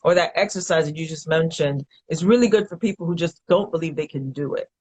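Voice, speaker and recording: A woman's voice: deep voice, brisk, darkish tone, slightly rough, low-quality recording. A chatty woman voice teacher in a casual panel talk, often affirming the others. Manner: chatty, affirming with frequent mm-hmms.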